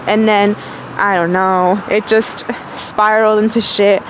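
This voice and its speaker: A young woman in a personal voice diary, miserable and rambling, halting with many fillers and restarts. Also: mid-range voice, little pitch movement, background noise.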